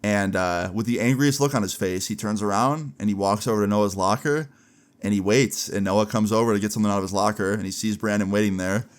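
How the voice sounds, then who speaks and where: Young man, relaxed story-time narration, lots of like and right, lower voice. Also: fairly quick. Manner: laid-back, slangy, lots of "like" and "right?". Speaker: storyteller vlogger.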